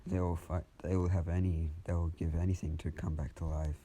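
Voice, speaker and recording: A man's voice: deep voice, little pitch movement, brisk, warm tone, slight background noise, natural voice. A man doing a taunting young lord of the underworld. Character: young menacing male heir of the underworld.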